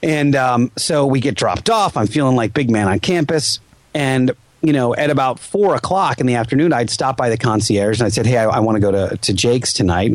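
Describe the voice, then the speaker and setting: Man, 40s, podcast host; lively storyteller, dry close sound. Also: medium pitch, fairly quick, no echo. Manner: animated, acts out quoted voices. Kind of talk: casual storytelling chat.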